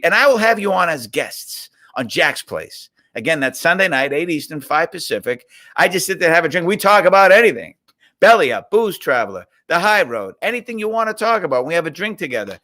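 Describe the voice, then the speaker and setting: A man's voice: fairly high pitch, pushed and bright. A middle-aged man from Boston hosting a casual live Q&A stream on a webcam, reading out viewer questions and rambling into stories. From Boston, USA.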